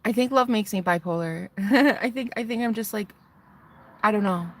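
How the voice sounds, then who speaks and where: A woman's voice: mid-range voice, moderate pace. A woman vlogging in a casual confessional chat, rambling and chatty with lots of fillers. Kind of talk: casual confessional vlog talk.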